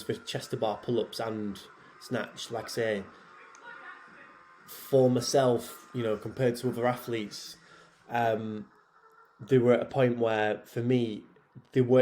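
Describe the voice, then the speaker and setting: A man who is both a head programmer and an athlete chats casually over footage of his own workout, relaxed and full of filler words. His voice is medium in pitch and his pace unhurried.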